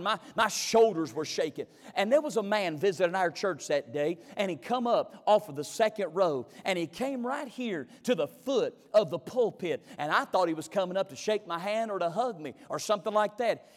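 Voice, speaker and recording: Pastor, high-voiced, emphatic storyteller, long hall reverb. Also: male voice. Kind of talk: sermon.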